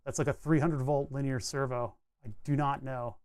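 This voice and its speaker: A man's voice: medium pitch, little pitch movement, moderate pace, darkish tone, clear, resonant tone, dry recording. A man live-streaming while he solders and repairs a circuit board, thinking aloud in a rambling, casual way with self-deprecating asides. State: hiccuping and burping. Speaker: streamer building electronics.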